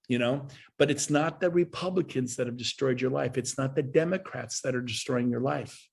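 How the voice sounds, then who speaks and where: Middle-aged male speaker with a rough, husky tone, delivering a punchy, repetitive pep talk over a video call. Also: mid-range voice, moderate pace, few pauses. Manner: energetic, folksy, emphatic, with repeated phrases. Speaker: guest speaker at a real estate webinar. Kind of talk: motivational talk.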